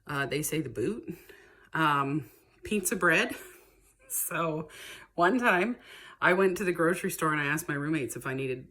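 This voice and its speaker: A woman's voice: deep voice, fairly bright tone. A woman from Canada, chatting casually to the camera in a vlog, rambling a little and laughing often. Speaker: vlogger.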